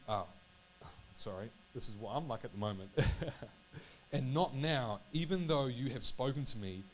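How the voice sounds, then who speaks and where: A man talks through a Bible passage in a relaxed, personal way. He trips over his words, restarts, and apologizes as he goes. A faint electrical hum and hiss sit under the voice. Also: mid-range voice, rough recording. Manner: halting, self-correcting, apologetic. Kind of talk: casual Bible reading and reflection.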